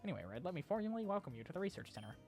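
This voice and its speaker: A man's voice: high voice, big pitch swings, rapid-fire, darkish tone, faint music behind, voice pushed up. A man voicing a polite, nerdy teenage boy genius inventor in a game, with a prim nerd voice. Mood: earnest.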